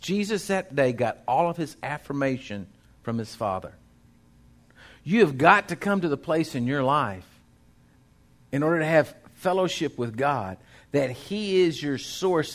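A male pastor, preaching a sermon in a folksy, conversational way that builds in intensity. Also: mid-range voice.

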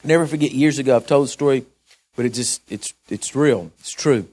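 A man preaching a sermon in a church, telling a jail story in a folksy, halting way and building to emphatic exhortation. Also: medium pitch, a little mellow. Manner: folksy, halting delivery with repeated restarts. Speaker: pastor.

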